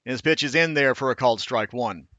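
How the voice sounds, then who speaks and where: A man calling baseball play by play in a steady, measured way, now and then correcting himself. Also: medium pitch, dry recording, highs cut off. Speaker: play-by-play announcer.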